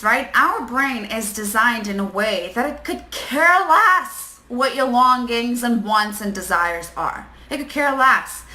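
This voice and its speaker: Chatty woman coach with a bright voice. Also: fairly high pitch, echoey room, low-quality recording. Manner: chatty, animated, greets viewers, acts out inner voices. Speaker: life coach. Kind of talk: live-stream talk to viewers.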